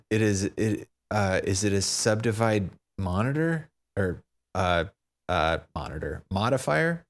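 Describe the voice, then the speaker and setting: A man talking through a software tutorial, thinking aloud, fumbling and poking fun at himself. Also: lowish voice. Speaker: tutorial maker. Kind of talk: unscripted screen-recorded tutorial.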